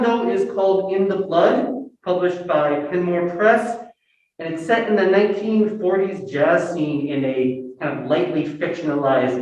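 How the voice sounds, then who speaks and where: A man's voice: a little high, a little mellow. A man hosting a reading series, casually introducing the authors with a rambling anecdote at an arts center. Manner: chatty, rambling, with restarts. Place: arts center event room, in person and on video call. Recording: echoey room, picked up from a distance, muffled.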